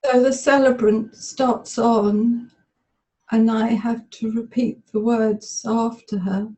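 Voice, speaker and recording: A woman volunteering in a therapy demonstration, tearfully recalling a memory aloud in the present tense with halting, stop-start phrasing over webinar call audio. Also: a little high, steady tone, dark tone, low-quality recording. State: tearful, emotional.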